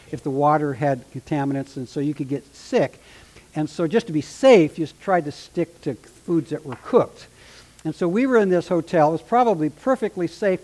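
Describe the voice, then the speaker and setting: Man, pastor, sermon, fairly high voice, animated delivery, dramatic scripture reading, dry sarcasm. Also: poor audio.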